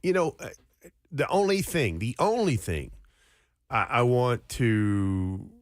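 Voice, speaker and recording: A man's voice: medium pitch, animated, takes it slowly, dry recording. A man visiting a radio studio as a guest broadcaster, easygoing and self-deprecating in casual banter.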